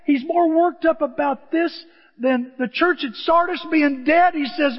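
A pastor preaching a sermon, building to emphatic outbursts and mimicking churchgoers' complaints in mocking voices. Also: male voice, very high-pitched, lively intonation, normal speed. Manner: emphatic, rising to near-shouts on key words. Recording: dull audio with long church reverb.

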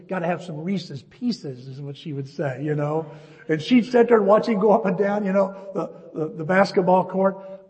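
Midwestern male pastor, middle-aged, high husky voice, lively anecdotal sermon delivery. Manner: storytelling, animated, addresses listeners as folks. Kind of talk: sermon with personal story. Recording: long reverb of a large hall.

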